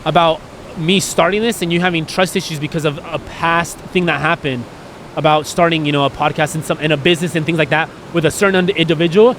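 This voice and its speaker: Earnest male podcast co-host, rambling and emotional, slightly high voice, faint background hiss. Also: steady tone, fast, fairly bright tone. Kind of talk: candid podcast conversation.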